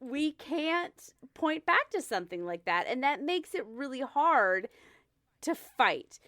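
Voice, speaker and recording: Animated woman podcast co-host. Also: sits high, slow, dry recording, studio quality. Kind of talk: casual chat and explanation.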